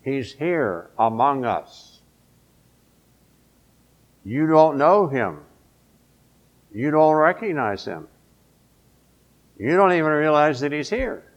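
A man's voice: fairly high pitch, sing-song, slow pace, long pauses, muffled recording. A male pastor preaching a sermon, emphatic, drawing out key words.

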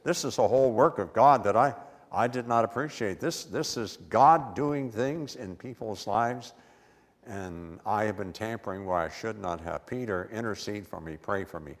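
A man's voice: on the low side, moderate pace, in a large hall. Man doing a humbled, repentant man begging for prayer. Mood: pleading. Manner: pleading, earnest.

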